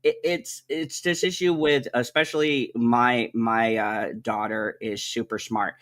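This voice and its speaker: A man's voice: mid-range voice, fairly even intonation, measured pace, fairly bright tone. A middle-aged man hosting a stream, ranting in casual chat with constant swearing and an exasperated tone. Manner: profane, exasperated ranting storyteller. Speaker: stream host.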